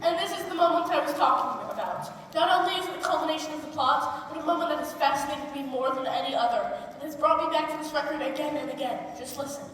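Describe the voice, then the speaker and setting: A woman's voice: high voice, quick pace, hardly any pauses, a bit bright, slight background noise. A woman playing a wry, rambling male musical fan, confiding asides to the audience on stage. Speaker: narrator character. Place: theater stage. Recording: distant echoey stage recording.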